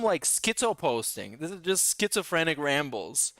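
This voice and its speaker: A podcast host pokes fun at clips in a sarcastic, profane tone. His higher voice swoops in a lively way, and the close, dry sound has faint music under it. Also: moderate pace, few pauses, no room sound. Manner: mocking, profane, laughs often. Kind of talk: sarcastic commentary.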